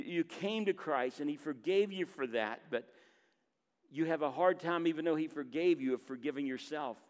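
Earnest preaching man in a reverberant hall. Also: fairly high pitch. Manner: earnest preaching, reading scripture aloud with pauses and emphasis. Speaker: pastor. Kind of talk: sermon. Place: church sanctuary.

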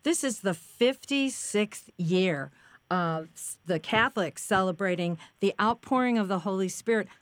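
A woman's voice: mid-range voice, unhurried, dry recording. A woman hosting a Christian talk show, affirming her guest with devout interjections. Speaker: host.

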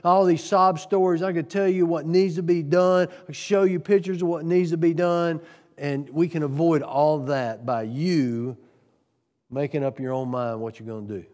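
A man preaching a sermon on giving, earnest, piling up rhetorical questions and swinging from loud to soft. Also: fairly high pitch, fairly even intonation, normal speed, long reverb tail. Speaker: pastor.

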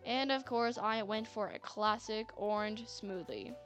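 Woman, storyteller, chatty, sarcastic asides, soft music underneath. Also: medium pitch, unhurried. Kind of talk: scripted narration. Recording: faint music bed.

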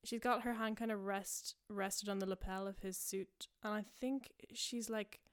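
A woman's voice: mid-range voice, fairly even intonation, moderate pace. A young woman hosting a podcast, rambling casually through a made-up story, full of fillers and self-amused asides. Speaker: podcast host.

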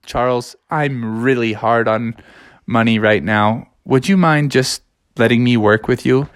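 A man voicing a short-tempered male frog in a made-up bedtime-style story, talking gruff and tough. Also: medium pitch, a little slow, no echo, clean studio sound, pitched below the performer's own voice, natural voice. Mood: sheepish. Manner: gruff tough-guy talk that softens into apology. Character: hot-tempered male frog, quick to anger.

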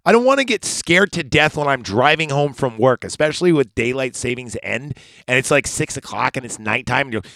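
A man's voice: medium pitch, animated, brisk, a bit bright, no echo, studio quality. A man hosting a casual podcast, recapping a movie from memory with profane, rambling rants and asides. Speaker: podcast host.

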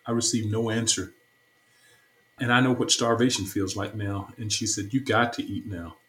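Man, low voice, earnest testimony, repeats himself, interview guest. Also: fairly even intonation, normal speed, a bit bright, poor audio. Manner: earnest, repetitive storytelling. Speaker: stake president, interview guest.

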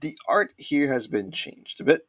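A man's voice: on the high side, lively intonation, unhurried, a bit bright. A man co-hosting a casual comic-book podcast, talking in rambling bursts with many restarts. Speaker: podcast co-host.

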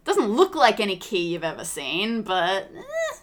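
A woman's voice: medium pitch, wildly swooping pitch, measured pace. A woman narrating a tabletop game as the game master, describing scenes with light humor.

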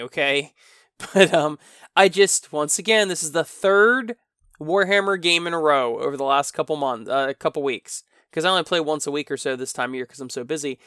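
Man, podcast host, gravelly fry, smooth resonant tone, rambling exasperated rant, slightly tipsy. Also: a little high, a bit bright, dry recording, studio quality. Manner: rambling, exasperated ranting with self-interruptions. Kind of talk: casual solo podcast chat.

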